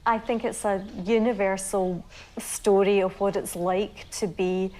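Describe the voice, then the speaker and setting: A woman's voice: medium pitch, steady tone, unhurried, warm tone, slight background noise. A woman in an interview, speaking thoughtfully and fondly. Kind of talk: reflective interview talk.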